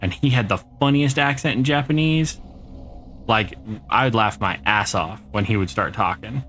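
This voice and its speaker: A man's voice: lowish voice, normal speed, a bit bright, slight background noise. A middle-aged man streaming a game, chatting casually and answering viewer comments as he plays. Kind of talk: casual gameplay chat.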